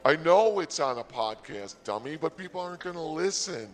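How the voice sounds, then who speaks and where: A man's voice: a little high, animated, normal speed, soft background music. A man hosting a comedy podcast, rambling sarcastically and mock-boastfully about his day at a casino.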